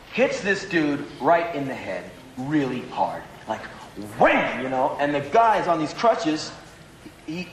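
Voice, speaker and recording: A man with a slightly high voice delivers a rambling, profane stand-up monologue. His delivery is animated and loose, and the live venue around him sounds echoey. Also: a little hiss or hum. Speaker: stand-up comedian.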